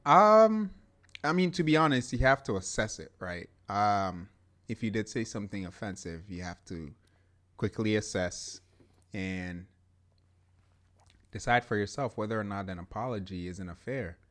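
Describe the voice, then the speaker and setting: Male podcast co-host, low-pitched, emphatic, animated casual talker. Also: moderate pace. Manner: animated, emphatic, laughs often. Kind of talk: casual chat.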